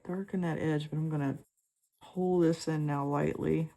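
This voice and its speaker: Low gravelly woman chatting through a draw-with-me session, laid back, lots of ums. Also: steady tone, dark tone. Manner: chatty and unhurried, with fillers and trailing thoughts. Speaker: art tutor. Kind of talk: relaxed draw-with-me instruction.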